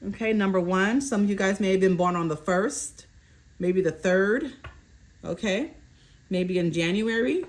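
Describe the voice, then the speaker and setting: A woman with a mid-range voice and a measured pace does a collective fortune card reading as a tarot reader. She reads the card meanings aloud, stumbles over words, and keeps checking in with viewers by asking "okay?"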